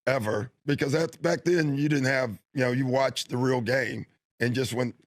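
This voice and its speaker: A man's voice: medium pitch, normal speed. A man, a former basketball player, chatting as a podcast guest and telling stories with laughs and restarts. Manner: laughing storyteller, trailing restarts. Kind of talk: casual podcast chat.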